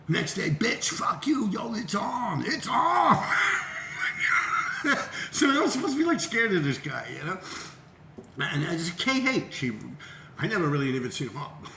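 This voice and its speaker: Animated, gravelly New storyteller. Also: male voice, on the high side, moderate pace, reverberant, slight background noise. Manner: profane, animated, acts out quoted voices. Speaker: graffiti writer and show host. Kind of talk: casual storytelling.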